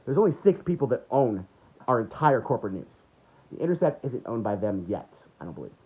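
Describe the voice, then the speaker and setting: A man's voice: mid-range voice, sing-song, brisk, mellow, husky. A man delivering an angry, mocking political rant full of swearing. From United States. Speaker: political commentator. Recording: dull lo-fi recording.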